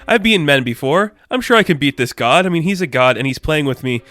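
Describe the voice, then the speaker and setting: A man voices a cornered mercenary, panicked yet bragging to himself, in a comic-book recap. The voice is clear and smooth, recorded dry and close. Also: a little high, expressive, fast talker, fairly bright tone, no echo. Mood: bravado.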